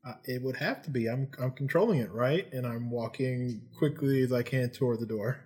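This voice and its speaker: A man playing in a tabletop game, quick and evasive in character. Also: mid-range voice, a little mellow, breathy edge. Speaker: player. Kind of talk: tabletop role-play.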